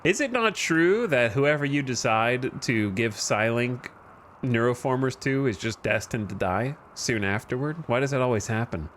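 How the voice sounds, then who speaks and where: A man's voice: mid-range voice, expressive, moderate pace, fairly bright tone, slight background noise. A man giving casual, wry, self-deprecating commentary while streaming a game.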